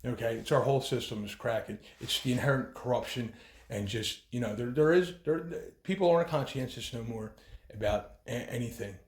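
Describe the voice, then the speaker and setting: A man's voice: medium pitch, a little fast, roomy sound. A man giving an agitated, profane, rambling account as a bereaved son, with many restarts. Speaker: bereaved son telling his story. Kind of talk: heated first-person account.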